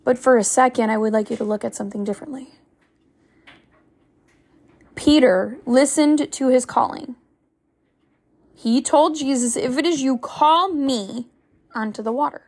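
A young woman with a high, light voice hosts a faith-based podcast. She speaks in an earnest, preachy way and leans on rhetorical questions to stir her listeners. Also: measured pace, long pauses, a little mellow. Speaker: podcast host. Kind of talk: faith-based motivational talk.

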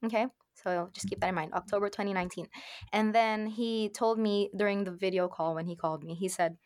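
A woman guest on a podcast, telling a personal story in a lively, casual way and acting out the back-and-forth as she goes. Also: mid-range voice, brisk, no echo, studio quality. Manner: animated, quotes herself and others, frequent laughs.

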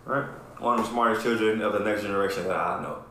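Brief: male podcast host, swears a lot, animated storyteller, very roomy echo, faint room noise. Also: on the low side, very fast. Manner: profane, animated, keeps asking "right?". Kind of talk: casual storytelling chat. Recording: very echoey room.

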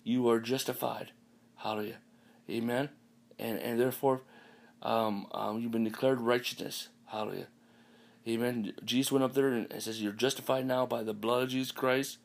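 A man delivers a podcast sermon in a gravelly, creaky voice of middling pitch. He repeats his points and sprinkles hallelujahs and amens throughout. His delivery halts often, with ums and false starts. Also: steady tone. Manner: repetitive, peppered with hallelujahs and amens; halting, with restarts and ums. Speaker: preacher.

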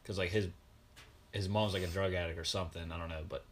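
A man's voice: low-pitched, fairly even intonation, a little hiss or hum. A man in his twenties chatting casually, offhand and profane. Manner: offhand and profane, talks fast. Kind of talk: casual chat.

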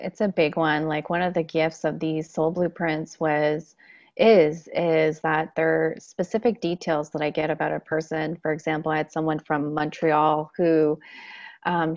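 Brief: woman guest, lowish voice, lively storyteller, dull dry recording. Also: no room sound. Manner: animated storyteller, acts out quotes. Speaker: guest, Akashic Records consultant. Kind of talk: casual interview chat.

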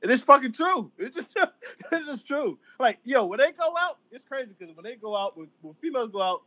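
A young man talks fast in loose, profane banter, laughing often as he riffs. His voice sits high for a man. The sound is dull and lo-fi. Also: sing-song, bright, forceful tone. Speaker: podcast co-host. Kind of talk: casual chat.

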